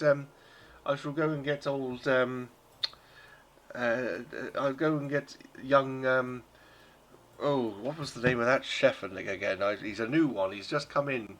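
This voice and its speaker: Game master guy, bright voice, rambly with lots of ums, mid pitch. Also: steady tone, measured pace. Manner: rambling, many ums and restarts. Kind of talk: narrating a tabletop game.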